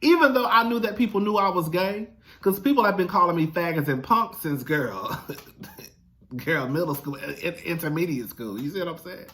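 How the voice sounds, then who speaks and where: A man's voice: a little high, lively intonation, normal speed, bright, forceful tone. A man talking in a casual monologue, blunt, profane and emphatic, who keeps addressing his listener as "girl". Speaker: vlogger.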